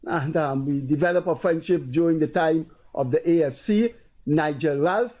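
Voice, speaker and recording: A Guyanese man hosts a political talk show, speaking higher than most men but with a dark, mellow tone. He tells long stories and keeps repeating his points with emphasis, switching to a raised voice when he quotes others. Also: normal speed, highs cut off. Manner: storytelling, acting out quoted people in a raised voice. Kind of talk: casual political commentary.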